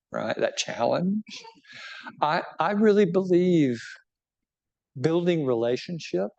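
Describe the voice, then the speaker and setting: A middle-aged man, a bishop, talking casually about his book to an audience, often restarting and checking in with "right?". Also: medium pitch. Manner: conversational, animated, many restarts and "right?" tags. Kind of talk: book talk with audience questions.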